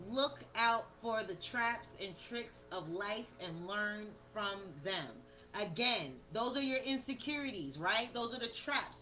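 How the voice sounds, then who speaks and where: A tarot reader and spiritual coach gives her viewers a casual monthly reading, chatty and direct, calling them y'all and reading card texts aloud. Her voice is a little high, bright, and forceful, on a low-quality recording with faint outdoor yard noise behind.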